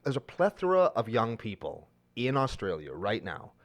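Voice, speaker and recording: A man co-hosting a casual podcast from Canada, ranting in a jokey, animated way about a news story. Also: on the low side, moderate pace. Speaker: podcast co-host. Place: indoor studio table.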